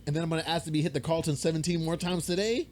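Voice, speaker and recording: A young man co-hosting a podcast, telling a story in a rambling, animated way, swearing freely and acting out the voices of people he quotes. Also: fairly high pitch, very fast. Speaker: podcast co-host. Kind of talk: casual storytelling chat. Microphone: podcast mic.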